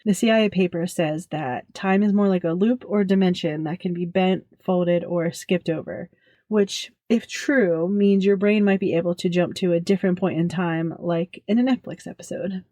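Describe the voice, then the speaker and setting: Giggly low-voiced woman podcast host. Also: fairly even intonation, normal speed, warm tone, no echo. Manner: giggly, jokey asides; self-deprecating, chatty fillers. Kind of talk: casual podcast monologue.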